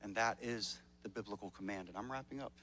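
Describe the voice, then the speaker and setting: A man's voice: fairly low pitch, fast, a bit bright, a little hiss or hum. A male pastor preaching a sermon at a church service in a conversational, joking way, often repeating words as he starts a sentence.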